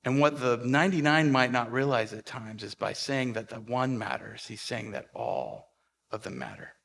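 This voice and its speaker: Male pastor, bright and forward tone, loose conversational sermon delivery full of asides. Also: medium pitch, lively intonation, normal speed, vocal fry, slight background noise. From Pacific Northwest of the US. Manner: conversational storytelling with fillers and restarts.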